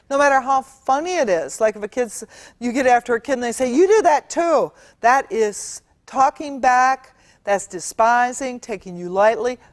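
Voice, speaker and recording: A woman's voice: a little high, no echo. Earnest middle-aged woman teaching scripture. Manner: earnest, emphatic, with drawn-out words and fillers. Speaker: Bible teacher. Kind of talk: teaching sermon. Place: TV studio.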